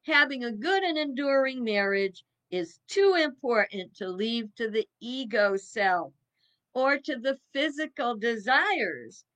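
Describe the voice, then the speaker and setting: Minister, woman, 70s, folksy and musing, slightly high, bright tone. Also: big pitch swings, measured pace. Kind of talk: reflective evening talk.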